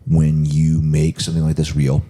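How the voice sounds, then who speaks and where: A man co-hosting a podcast, talking in an impassioned, halting way and often repeating himself. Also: very deep voice, completely flat delivery, mellow. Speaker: podcast co-host. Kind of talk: emotional podcast chat.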